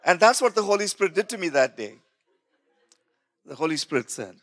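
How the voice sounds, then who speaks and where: A man's voice: high voice, big pitch swings, a little fast, pauses often, fairly bright tone. Storytelling male preacher. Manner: storytelling, acting out quoted voices with laughs. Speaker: pastor. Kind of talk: sermon testimony.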